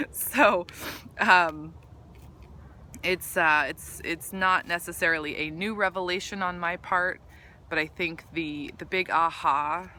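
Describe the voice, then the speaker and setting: A woman's voice: lowish voice, slow, long pauses, pushed and bright, a little hiss or hum. A woman business coach talking earnestly to her camera, rambling a bit with lots of ums and restarts. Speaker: business coach for women entrepreneurs. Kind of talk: casual talk to camera. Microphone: camera mic.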